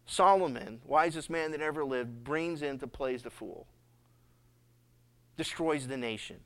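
A pastor delivers a sermon in a fairly high, unhurried voice, telling Bible stories with liveliness and acting out the characters. He often repeats himself and restarts his words.

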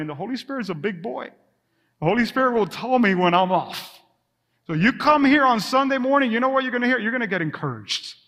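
A man preaches a sermon as his church's pastor, his voice sitting high, pushed and bright. He is passionate but conversational, sometimes dropping to a whisper, and the sanctuary gives the recording a long hall reverb.

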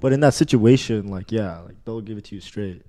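A man's voice: fairly low pitch, a little fast, dark tone. A young man co-hosting a podcast, chatting casually in slangy talk and laughing as he tells stories. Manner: laid-back slangy storytelling, laughs often. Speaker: podcast co-host. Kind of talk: casual chat.

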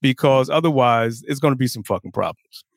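Gravelly New man, wry and profane. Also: medium pitch, animated, a little fast, no echo. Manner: wry, profane, laughs often. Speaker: podcast co-host. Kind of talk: casual chat.

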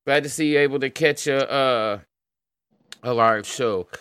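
A man's voice: mid-range voice, unhurried, a bit bright, clear, resonant tone, dry recording, clean studio sound. A man with an American accent hosting a livestream in casual chat, laid-back and swearing freely as he greets viewers. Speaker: livestream host.

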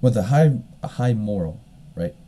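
On his solo podcast, a man retells a story in a loose, rambling way, packed with fillers and the occasional cough. His voice is lowish, mellow and expressive, moving at a normal speed.

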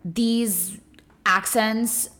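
A woman's voice: on the high side, fairly even intonation, very slow, a bit bright. A young adult woman co-hosting a podcast, talking emphatically and posing rhetorical questions. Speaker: podcast co-host. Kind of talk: casual podcast discussion.

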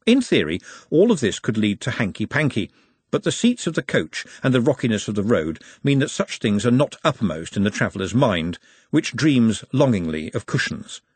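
Husky male audiobook narrator. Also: medium pitch, sing-song, moderate pace, dry recording. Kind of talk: scripted storybook narration.

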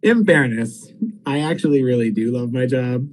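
A man's voice: medium pitch, normal speed, a little hiss or hum, low-quality recording. A man co-hosting a casual podcast, worn out and rambling, swearing and laughing as he talks. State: tired. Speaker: podcast co-host.

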